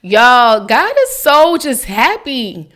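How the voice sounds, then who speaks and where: A woman's voice: a little high, big pitch swings, slow pace, fairly bright tone. A woman hosting a casual faith vlog, chatty and giggly, talking straight to her viewers. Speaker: devotional vlogger.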